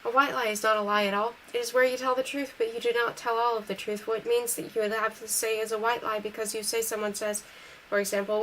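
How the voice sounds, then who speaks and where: A woman reading a novel aloud in a brisk, matter-of-fact first-person voice. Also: a little high, level tone, fairly bright tone. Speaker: reader. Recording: distant mic with faint hiss.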